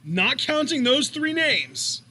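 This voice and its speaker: A young man co-hosting a live wrestling reaction stream who talks with excitement, laughs often and swears casually. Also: very high voice, slow pace, husky.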